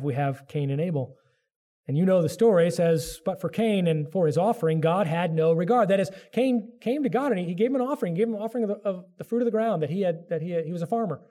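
A man's voice: on the high side, mellow. A middle-aged man preaching a sermon as pastor, earnest, sometimes acting out the voices of biblical figures.

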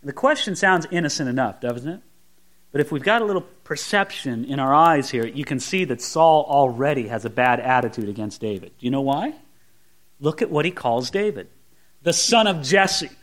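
In a high, bright voice whose pitch rises and falls with lively swings, a male pastor gives an expository sermon. He keeps putting rhetorical questions to his listeners.

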